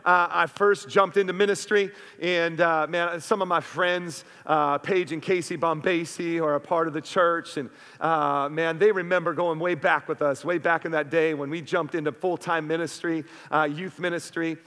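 Fervent preaching man, high voice. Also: fairly even intonation, moderate pace, hardly any pauses, a bit bright, clear, resonant tone. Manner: fervent, with frequent "man" fillers and "right?". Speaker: pastor. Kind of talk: sermon. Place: church. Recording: long hall reverb.

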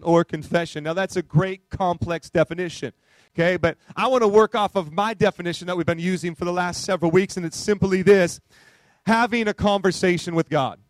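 High-voiced man preaching a lively sermon. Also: brisk, dry recording. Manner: animated, conversational, frequent rhetorical questions. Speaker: pastor.

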